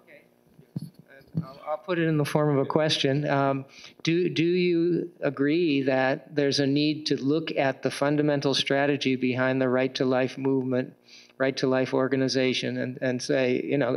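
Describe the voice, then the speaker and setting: A man making his case at a public political debate, measured, with fillers and repeated words. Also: mid-range voice, flat delivery, clean tone. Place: public meeting room with audience.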